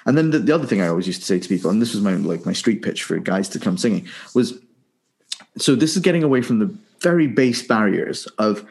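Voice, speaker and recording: Animated male singing coach. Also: on the low side, fast, creaky. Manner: animated, rhetorical questions, sings vocal warm-up syllables. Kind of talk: casual conversational explanation.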